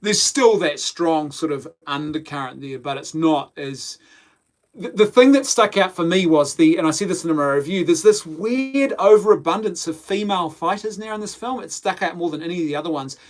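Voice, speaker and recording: A man's voice: on the high side, expressive, moderate pace. A man hosting a casual live podcast, reading viewer comments aloud, rambling and laughing often. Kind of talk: casual live-stream chat.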